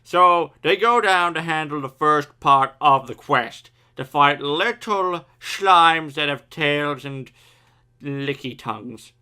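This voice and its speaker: A man's voice: on the high side, slow, pushed and bright, clean tone. A man giving a casual, irreverent episode recap of an anime, joking and swearing freely.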